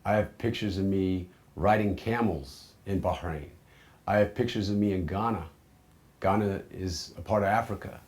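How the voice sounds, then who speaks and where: A man in his forties with a very low, deep voice tells his own life story. He speaks candidly and reflectively, and often sinks into quiet, low asides. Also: normal speed. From United States. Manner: earnest, candid, drops into soft low asides.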